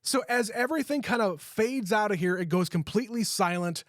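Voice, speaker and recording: A man co-hosting a movie podcast, retelling scenes with animated, casual energy and loose swearing. His voice sits high for a man. The recording is close and dry. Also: fairly quick, dry recording. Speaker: podcast co-host. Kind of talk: casual movie review chat.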